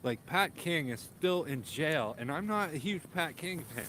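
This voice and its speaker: A man's voice: a little high, expressive, unhurried, bright, forceful tone. A man co-hosting a walking livestream outdoors on a cold street, giving emphatic, indignant political commentary. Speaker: co-host. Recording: outdoor recording with clear traffic noise. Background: clear street and traffic noise.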